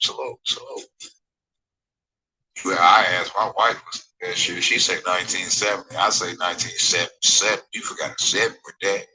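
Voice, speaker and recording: A man's voice: fairly low pitch, bright, forceful tone, breathy edge, rough recording. A man in his forties giving a rambling livestream monologue, emphatic and digressive, repeating himself and often asking the viewers if they follow him while reading their chat comments. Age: 40s. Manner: emphatic, digressive, repeats phrases, asks for agreement.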